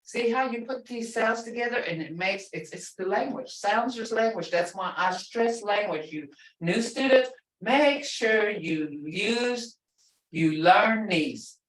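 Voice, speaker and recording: A woman language instructor leading a class through slow, repetitive syllable drills and explaining pronunciation emphatically. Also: medium pitch, expressive. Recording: echoey room, voice from a distance.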